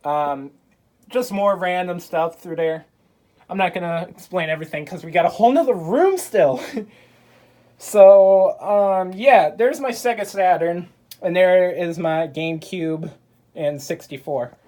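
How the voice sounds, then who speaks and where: A woman's voice: fairly low pitch, unhurried, mellow. A woman filming a casual tour of her game room at home on a handheld phone, chatting in an offhand, upbeat way with plenty of fillers. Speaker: video creator giving a room tour. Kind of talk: casual vlog narration. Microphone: handheld phone camera.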